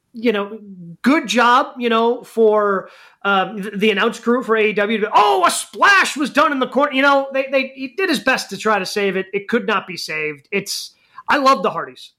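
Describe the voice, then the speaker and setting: A man's voice: high voice, moderate pace, sharp tone. A man co-hosting a wrestling podcast in casual chat, talking in a rambling way with lots of restarts. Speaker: podcast co-host.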